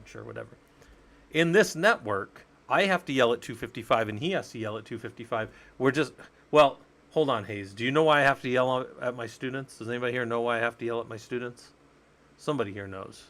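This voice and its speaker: A man in mid pitch teaches networking on a relaxed live stream. He walks through each step in a chatty way and banters with his viewers as he goes. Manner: chatty, explains step by step, jokes with chat. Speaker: live-stream Linux instructor.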